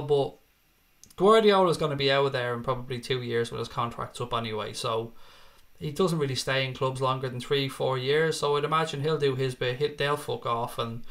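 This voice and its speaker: A man's voice: mid-range voice, a bit bright. A man with an Irish accent hosting a casual live stream, reading out viewer comments and chatting back with jokes and swearing. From Ireland. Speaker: host reading live chat.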